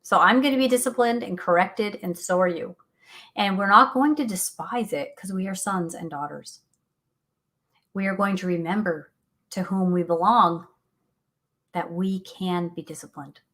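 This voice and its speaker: A woman's voice: mid-range voice, moderate pace, fairly bright tone. A middle-aged woman hosting a faith talk show, speaking earnestly and animatedly, often laughing, reading out listener comments. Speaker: radio show host.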